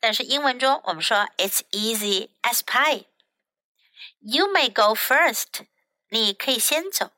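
Woman, children's English teacher, high bright voice, dry close sound. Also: animated, no echo. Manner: repeats phrases slowly then explains. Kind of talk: bilingual children's English lesson.

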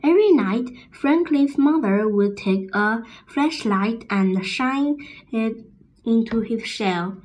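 A woman reading a picture book aloud to children in a gentle storytelling manner. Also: on the high side, expressive, slow, rough recording.

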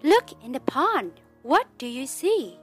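A woman's voice: high-pitched, big pitch swings, faint music behind, full character voice. A mother doing a sly, scoffing storybook fox. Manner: brisk, snappish and mocking.

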